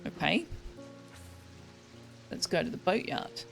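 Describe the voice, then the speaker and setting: Low-voiced woman streaming a game. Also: very animated, slow pace, vocal fry, faint music behind. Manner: chatty, switching between asides and reading. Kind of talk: casual let's-play commentary with read-aloud game text.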